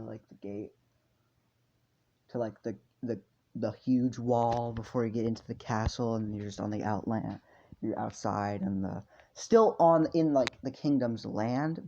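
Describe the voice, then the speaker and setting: A man's voice: medium pitch, vocal fry, mellow. A man casually telling an improvised story, rambling with many fillers and restarts. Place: home room. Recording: dull lo-fi home mic with faint noise.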